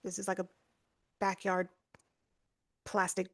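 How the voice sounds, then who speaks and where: A woman's voice: lowish voice, monotone, takes it slowly. Chatty woman podcast co-host. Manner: chatty, explains with lots of fillers and restarts. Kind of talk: casual explanatory chat.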